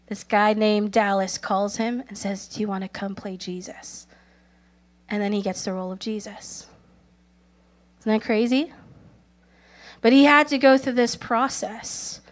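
A woman preaching a sermon, telling stories earnestly, calling for amens, and speaking quoted prayers softly. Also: fairly high pitch. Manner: earnest storytelling, calls for amens; acts out quoted prayers softly, at times in a whisper.

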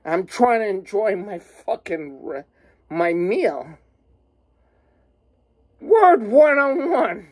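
A woman's voice: medium pitch, sing-song, drawn-out words, long pauses, darkish tone, breathy edge, rough recording. A woman ranting casually to her viewers, rambling and exasperated, swearing constantly. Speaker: vlogger. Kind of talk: casual profane rant to camera.

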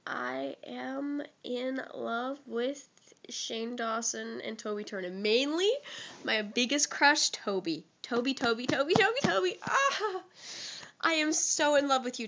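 A teenage girl talking into her phone from the couch, sick and a little rough in the throat. She rambles, gushes and giggles her way through a casual fan vlog. Her voice sits fairly high and bright, with a bright, forceful edge. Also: slow pace. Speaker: vlogger. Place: at home on a couch. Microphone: phone held close.

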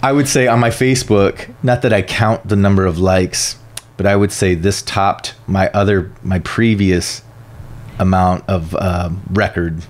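A man who is an art professor, telling stories in a casual podcast interview with lively, animated delivery. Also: sits low, unhurried. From northern United States. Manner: animated, lively storyteller who acts out quotes. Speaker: guest, art professor and printmaker.

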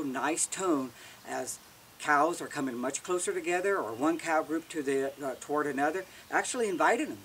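A man's voice: a little high, a bit bright, distant mic, a little hiss or hum. A man giving a casual, plain-spoken how-to demonstration as an elk-calling instructor, often restarting words.

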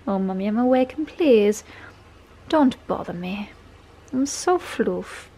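A woman voicing a sleepy, grumpy fluffy pet dog in a breathy whisper, as whispered role-play. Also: medium pitch, lively intonation, slow pace, dark tone. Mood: drowsy.

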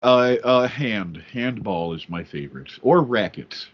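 A man's voice: fairly low pitch, expressive, a little slow. Profane, laid-back male podcast co-host. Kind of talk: casual comedic storytelling. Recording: dull lo-fi audio, faint music.

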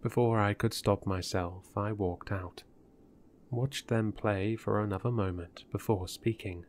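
A man narrating a horror story in a measured, deliberate way. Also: on the low side, steady tone, darkish tone, slight background noise.

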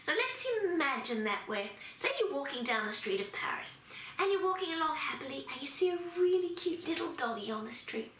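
Aussie lady showing a preschool game, high lively voice, bright, echoey room. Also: brisk. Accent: Australian. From Australia. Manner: animated and playful, acting out for children. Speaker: early childhood language teacher. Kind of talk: demonstrating a preschool activity. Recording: echoey room with faint noise.

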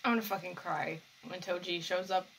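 A woman's voice: on the low side, steady tone, fairly quick, a bit bright, a little hiss or hum, rough recording. A woman doing anime reaction commentary as a YouTuber, talking back to the screen, swearing and pleading with the characters.

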